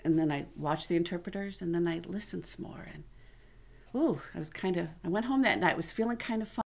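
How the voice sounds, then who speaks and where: A woman's voice: fairly low pitch, a little fast, creaky, a little mellow. Earnest middle-aged woman giving church testimony. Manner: earnest, conversational storytelling that acts out quoted voices. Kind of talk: personal testimony told to a congregation.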